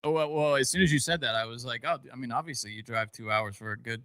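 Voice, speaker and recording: A man co-hosts a casual podcast and talks fast, throwing in quick agreement and wry jokes. His voice sits in an ordinary middle pitch. The sound is dry and without room echo. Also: sharp tone. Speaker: podcast co-host. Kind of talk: casual chat.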